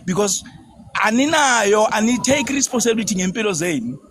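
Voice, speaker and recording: A man's voice: sits high, lively intonation, brisk, fairly bright tone, a little hiss or hum. A South African man lecturing the women on a live-stream panel, insistent and direct.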